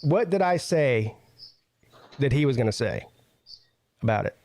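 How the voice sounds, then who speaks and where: Male host, casual mocking commentary, dry room, mid pitch. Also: big pitch swings, measured pace, gravelly, darkish tone, no room sound. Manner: loose and mocking, lots of filler. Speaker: show host. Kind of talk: casual commentary over a played video.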